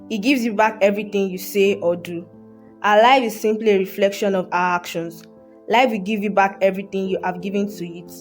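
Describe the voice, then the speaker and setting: A woman tells a short moral story at an even, measured pace. She reads with earnest care, giving each line its weight. Faint instrumental music plays softly underneath. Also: mid-range voice. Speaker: story narrator. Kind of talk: scripted narration of a moral story. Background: soft music.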